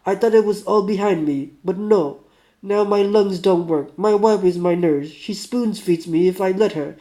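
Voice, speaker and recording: A man voicing a bitter, sickly male metalworker under forty in a put-on Russian accent, loud and snappish. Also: sits high, normal speed, pitched above the performer's own voice, lightly acted. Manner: snappish, raised, belligerent.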